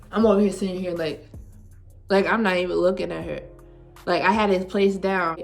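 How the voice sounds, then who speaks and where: Gravelly-voiced young woman telling a story. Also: fairly low pitch, fairly even intonation, unhurried, soft background music. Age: 20s. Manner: rambling, heavy use of "like", heartfelt. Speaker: vlogger. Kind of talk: casual personal storytelling. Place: at home indoors.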